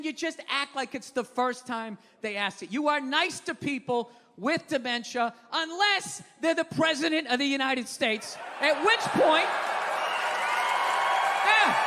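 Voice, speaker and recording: High-voiced ranting stand-up comic. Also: male voice. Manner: profane, ranting, sarcastic. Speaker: stand-up comedian. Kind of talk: stand-up comedy set. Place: comedy venue with live audience. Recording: live stand-up recording with crowd and noise.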